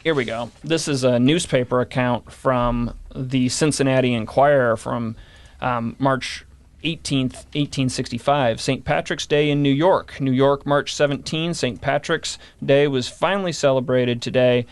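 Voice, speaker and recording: A man with a mid-range voice and fairly even intonation talks a little slowly as a guest historian in a casual podcast conversation. He explains history, reads old newspaper accounts, and uses occasional fillers, with no echo.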